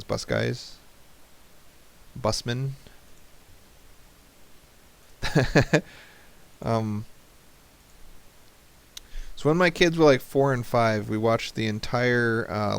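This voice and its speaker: A man's voice: mid-range voice, creaky. A man in his thirties hosting a let's play, chatting casually and joking at the game as he plays. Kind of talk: casual gameplay commentary.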